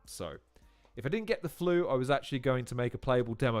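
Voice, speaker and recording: A man's voice: mid-range voice, expressive, quick pace, clear, resonant tone. A man hosting a live-stream watch-along, talking in profane, rambling tangents. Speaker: host.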